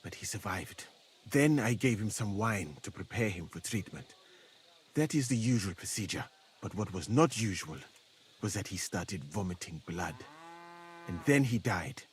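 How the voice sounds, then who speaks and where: An actor playing a calm, learned foreign physician in a camp, speaking in a measured, courteous way. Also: male voice, fairly low pitch, slight background noise, close to an everyday voice. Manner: measured, courteous, softly spoken. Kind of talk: video game dialogue.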